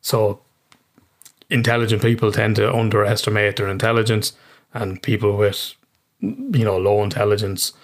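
Brief: Irish male therapist guest, low-pitched, relaxed and plain-spoken with casual swearing. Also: normal speed. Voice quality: casual, swears freely, frequent restarts. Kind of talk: casual interview explanation.

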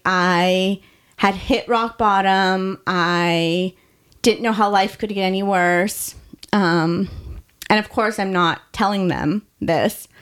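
A young adult woman hosting a podcast, telling her own story in a candid, heartfelt way with quick bursts of speech. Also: fairly low pitch, clean tone.

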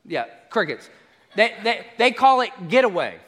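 Bright, high-voiced pastor. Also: male voice, moderate pace. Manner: animated storyteller, acts out exchanges. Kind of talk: sermon with humorous travel stories. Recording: echoey hall reverb.

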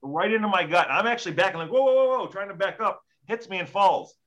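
A man's voice: high voice, fast. A man telling rowdy stories in casual chat as a guest, swearing freely and acting out quotes. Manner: profane, animated storytelling with acted-out quotes. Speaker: guest, former hockey player. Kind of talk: casual storytelling. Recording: dull lo-fi audio.

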